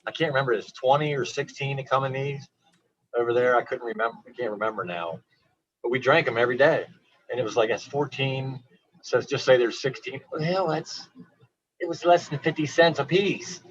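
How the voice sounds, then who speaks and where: A man's voice: medium pitch, a little fast, fairly bright tone, slightly rough. A man from California chatting casually on a video call, rambling and grumbling. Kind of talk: casual chat. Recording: dull lo-fi call audio.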